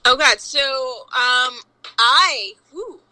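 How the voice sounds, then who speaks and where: A woman from Long Island, a chef and podcast guest, talking casually over a phone call in a chatty, animated way, full of "like" and casual swearing. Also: high voice, extremely slow, dry recording. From Long Island, New York. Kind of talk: casual interview chat.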